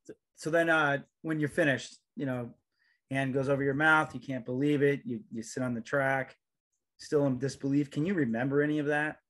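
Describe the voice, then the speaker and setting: A man with a mid-pitched, ordinary voice leads a casual sports interview. His questions wander and restart as he goes, in a friendly, easy tone. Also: steady tone, moderate pace, a bit bright.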